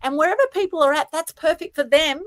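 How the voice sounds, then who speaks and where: Middle-aged Australian woman, co-host, higher register, earnest and emotional, dry close video-call sound. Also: fast talker, no room sound. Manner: earnest, emotional, tag questions of "right?". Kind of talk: casual chat on a live stream.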